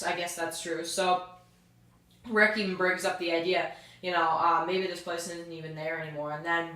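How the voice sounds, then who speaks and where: A woman's voice: lowish voice, pushed and bright. A woman recapping and reviewing a TV episode in a loose, rambling way, full of fillers, and briefly acting out characters' lines. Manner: acts out characters' lines in quick asides. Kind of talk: casual spoken recap and review. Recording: very echoey room.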